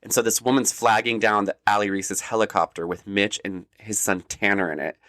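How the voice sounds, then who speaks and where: Animated man retelling scenes. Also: lowish voice, a little fast. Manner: animated storyteller, laughs often. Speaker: podcast co-host. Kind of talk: casual chat.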